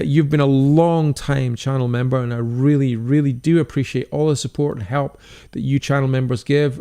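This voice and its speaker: A man's voice: mid-range voice, gravelly, a little mellow, clean tone. An older Scottish man, a stained glass artist chatting casually and encouragingly on his livestream and reading out viewer comments. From Scotland.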